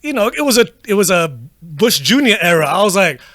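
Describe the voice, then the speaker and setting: A man's voice: high-pitched, very animated, brisk, fairly bright tone, no echo, clean studio sound. A man from Malaysia co-hosting a casual podcast chat, talking animatedly and swearing freely as he acts out reactions. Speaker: podcast co-host.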